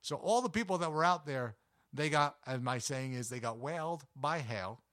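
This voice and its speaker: A man's voice: a little high, expressive, moderate pace, fairly bright tone, no echo, clean studio sound. A man telling casual travel stories in a rambling, anecdotal way, with many fillers and restarts. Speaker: travel vlogger.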